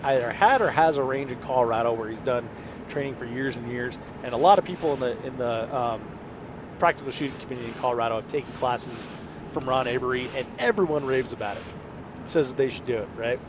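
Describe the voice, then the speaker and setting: A man chats casually as a podcast co-host, drifting through stories with plenty of ums and likes. His voice sits at an ordinary middle pitch. He is recorded inside a truck on the road, and engine and road noise come through clearly behind him. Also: fast. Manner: chatty storyteller, loose with fillers. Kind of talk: casual chat. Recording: noisy car interior.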